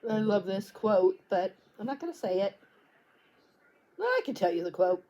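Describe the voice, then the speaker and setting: A woman's voice: medium pitch, sing-song, normal speed, dark tone, dull audio. Chatty woman rambling about a book. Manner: rambling, many fillers and restarts, stumbles over words. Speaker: book vlogger. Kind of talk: casual chat.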